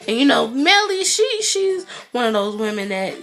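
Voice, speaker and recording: A woman's voice: on the high side, very animated, normal speed, hardly any pauses, a bit bright, soft background music. Congested woman chatting a TV recap. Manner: chatty, heavy on "you know" fillers. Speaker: TV episode reviewer. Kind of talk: casual vlog recap.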